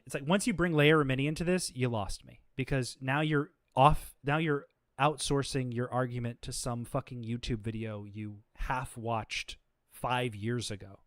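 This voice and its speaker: At a measured pace, a man hosting a livestream improvises an exasperated, confrontational rant about being exhausted, stopping and restarting with lots of fillers. He has a mid-range voice, captured at studio quality with no room sound.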